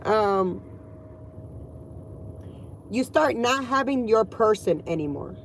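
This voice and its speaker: A woman's voice: a little high, animated, slow pace, gravelly, pauses often. Woman in her forties, casual vlog, candid and emotional, curses a lot, sitting in a car, faint traffic hum behind. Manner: candid, emotional, swears freely. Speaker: vlogger. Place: inside a car.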